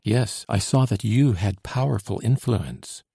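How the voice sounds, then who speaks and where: Young noblewoman in hiding, formal, gentle, read by a man, gravelly, husky. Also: lowish voice, a little slow, dry recording, studio quality, exaggerated voice. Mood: earnest. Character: young female aristocrat in hiding, earnest and gracious.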